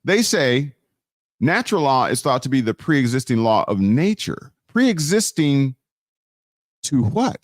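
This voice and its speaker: A man's voice: mid-range voice, sing-song, measured pace, no room sound, clean studio sound. A man hosting a live online teaching, preaching about law and scripture with emphatic repetition and frequent restarts. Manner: preachy, emphatic, repeats key phrases. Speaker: host of a live teaching stream.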